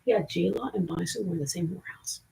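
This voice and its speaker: A livestreamer from the Southern United States with a Southern accent, rambling in a profane, excitable way and jumping between topics, with a gravelly, raspy voice. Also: medium pitch, fast talker, heavy background noise. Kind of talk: rambling live stream chat.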